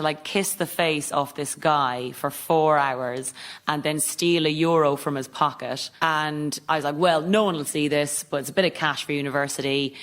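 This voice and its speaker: Quick self-mocking Irish woman. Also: low voice. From Ireland. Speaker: panellist. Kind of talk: comic storytelling.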